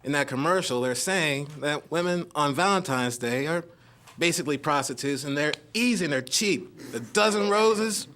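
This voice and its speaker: A man's voice: fairly high pitch, normal speed, bright, forceful tone, slight background noise. A man doing his first stand-up set on a club stage, nervous and rambling with fillers, into a handheld mic. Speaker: stand-up comedian.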